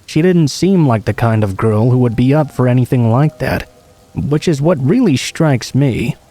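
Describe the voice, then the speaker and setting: A man reads scary stories in a calm, even narrator's voice. His tone is dark and mellow, and a steady patter of rain runs behind him. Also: medium pitch, normal speed. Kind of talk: scripted horror story narration.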